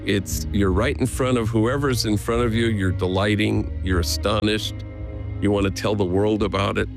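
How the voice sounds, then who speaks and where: A man, a priest being interviewed, speaking earnestly and gently as he tells stories. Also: lowish voice, fairly even intonation, moderate pace, creaky, over music. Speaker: Jesuit priest, guest. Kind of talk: reflective conversational storytelling.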